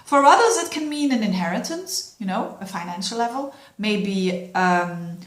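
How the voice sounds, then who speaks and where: A middle-aged woman talks through a year's horoscope as an astrologer, earnest and encouraging as she addresses viewers directly. Her voice sits at an ordinary middle pitch for a woman. The room around her rings with a noticeable echo. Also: lively intonation, moderate pace. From Belgium. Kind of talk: yearly horoscope talk to camera. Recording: roomy echo.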